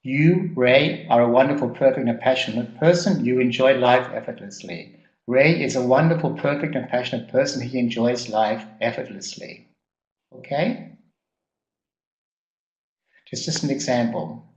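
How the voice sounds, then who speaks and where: A man's voice: mid-range voice, lo-fi sound. Male seminar trainer, mid-range voice, hesitant and repetitive, recorded live in a reverberant room. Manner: halting, repeats words, many ums. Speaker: personal growth trainer. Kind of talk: live workshop teaching. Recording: echoey room.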